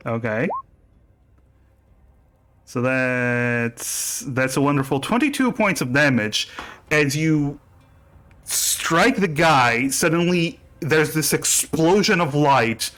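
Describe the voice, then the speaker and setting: A man narrating a tabletop game as game master, halting with many restarts. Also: a little high, fairly bright tone.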